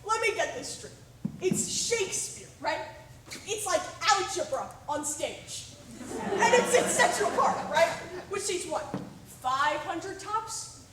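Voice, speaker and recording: A woman on stage playing a pushy, fast-talking male Hollywood agent with brash, wheedling sales patter. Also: very high-pitched, animated, exaggerated voice. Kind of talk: amateur stage play. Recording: distant echoey stage recording with hiss.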